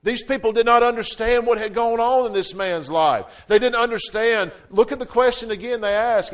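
A man preaching a sermon as pastor, calling out amen and swinging between loud emphatic peaks and low quiet drops. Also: normal speed, few pauses. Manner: preaching with frequent "amen" calls and fillers.

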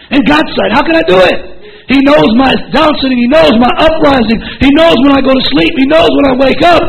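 A male preacher delivers a fervent sermon, full of repeated phrases and rising calls. His voice sits very high and has a gravelly, creaky grain. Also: a little fast, low-quality recording. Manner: fervent, repetitive, builds to shouting.

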